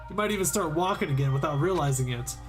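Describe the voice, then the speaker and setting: A man voicing a brash male biker gang leader with a gruff, swaggering delivery over game music. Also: high voice, lively intonation, a little fast. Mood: taunting.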